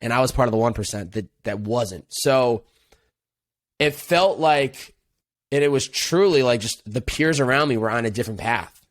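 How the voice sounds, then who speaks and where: A young man talks through his path in a relaxed, earnest voice, dropping casual slang as he reflects. His voice sits at an everyday middle pitch. The sound is close and dry, with no room around it. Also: moderate pace, no echo. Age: young adult. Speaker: podcast guest. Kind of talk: casual interview conversation.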